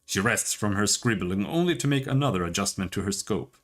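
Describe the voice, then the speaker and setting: Man reading a game aloud on stream; low, dramatic, lively melody. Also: normal speed, hardly any pauses. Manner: dramatic, storytelling delivery. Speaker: game narrator.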